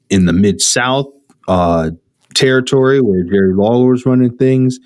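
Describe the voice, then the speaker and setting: A man co-hosting a podcast who talks in a halting, thoughtful way. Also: sits low, dry recording. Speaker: podcast co-host. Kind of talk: casual wrestling chat.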